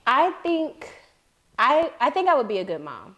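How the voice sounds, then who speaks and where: A young adult woman co-hosting a podcast, telling stories in casual chat with loud acted-out quotes and free swearing. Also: sits high, sing-song, normal speed. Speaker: podcast co-host.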